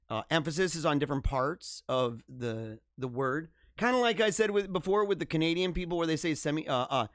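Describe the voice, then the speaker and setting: A man from the United States with a slightly high, somewhat bright voice hosts a casual livestream, recorded dry and at studio quality. He reads news items aloud and jokes about them, rambling along and chuckling often.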